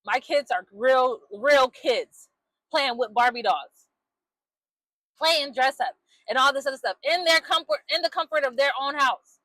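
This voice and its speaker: A young woman, a mother, speaking bluntly and angrily into her phone, swearing freely, her voice dropping low when she gets upset. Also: unhurried, fairly bright tone, no room sound, poor audio. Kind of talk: emotional vlog monologue.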